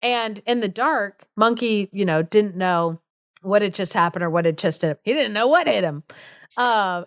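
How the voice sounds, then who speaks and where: A woman's voice: medium pitch, moderate pace, no room sound, studio quality. A woman co-hosting a podcast, retelling a folk tale in a chatty, giggly way that is full of fillers. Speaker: podcast co-host. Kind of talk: casual storytelling chat.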